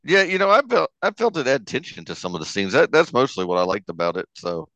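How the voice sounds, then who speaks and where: A man chatting casually about a movie, easygoing and quick to laugh. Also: mid-range voice, very animated, a bit bright, no room sound, low-quality recording. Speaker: podcast co-host. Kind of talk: casual movie review chat.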